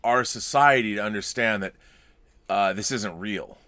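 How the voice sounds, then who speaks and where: Bright-voiced man rambling through a podcast. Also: on the low side, unhurried, dry recording. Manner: rambling, restarts, reads letters aloud. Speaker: podcast co-host. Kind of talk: casual chat, reading viewer comments.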